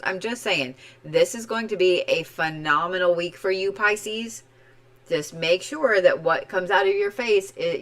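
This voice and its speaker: A woman from Oklahoma with a slight Oklahoma accent, giving a chatty, playful zodiac reading on a live stream, swinging between loud and soft. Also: deep voice. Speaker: tarot and zodiac reader. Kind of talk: casual livestream reading.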